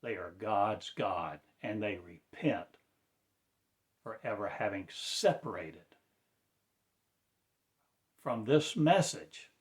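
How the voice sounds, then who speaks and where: A man preaching in a slow, declamatory way, with sudden loud rises in his voice. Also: lowish voice. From United States. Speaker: self-styled spiritual teacher. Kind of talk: impassioned preaching.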